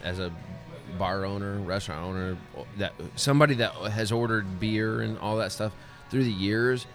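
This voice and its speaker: A man's voice: lowish voice, moderate pace, soft background music. A man who owns a pizza pub, chatting easygoing on a podcast. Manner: easygoing, tells stories with playful put-on voices. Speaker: restaurant and bar owner, guest. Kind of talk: casual chat.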